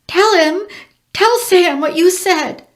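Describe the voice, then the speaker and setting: A woman voicing an overwrought, frightened young woman who talks in a shaky, high voice. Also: slow pace. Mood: pleading.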